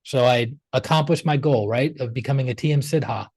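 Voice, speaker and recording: A man's voice: mid-range voice, a little fast, darkish tone, breathy edge, no echo. A man in his forties, a guest in an interview, telling a personal story in a casual way and acting out past conversations.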